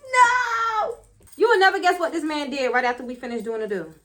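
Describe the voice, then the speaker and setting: High bright-voiced woman telling a story. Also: fast talker, slight background noise. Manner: animated, laughs often, talks straight to viewers. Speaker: storyteller vlogger. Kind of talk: casual storytime while doing makeup.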